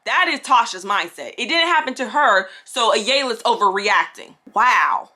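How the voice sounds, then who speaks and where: A young woman tells a storytime vlog with plenty of sass and indignation. Her voice is bright and sharp, and she slips into mock voices when she quotes her friends. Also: mid-range voice, animated, normal speed, few pauses. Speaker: vlogger.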